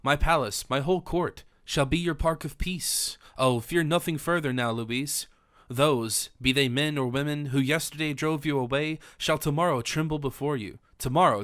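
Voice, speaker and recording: A man's voice: fairly high pitch, a bit bright, no echo, studio quality, natural voice. A man voicing a passionate young king in an audiobook, vowing and commanding in formal old-fashioned speech. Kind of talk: audiobook character reading.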